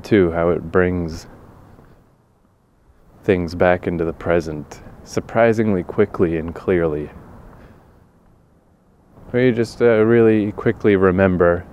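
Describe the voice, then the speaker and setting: Tired guy rambling on his podcast, really low voice, swears a lot, knocks himself down, faint noise behind. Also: a little mellow. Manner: self-deprecating, sweary, rambling. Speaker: podcast host. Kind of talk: rambling solo monologue.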